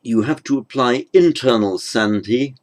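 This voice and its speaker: A man with a medium-pitched voice and measured pace teaches an online grammar lesson from a desk with a tablet. He thinks aloud, using fillers and restarts and muttering asides under his breath.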